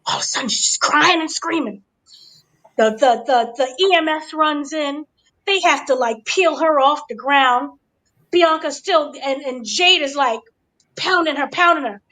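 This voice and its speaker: A woman hosting a casual wrestling review, animated and acting out the quotes with gasps and shrieks. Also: high-pitched, measured pace. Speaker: show host. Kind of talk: casual wrestling recap chat.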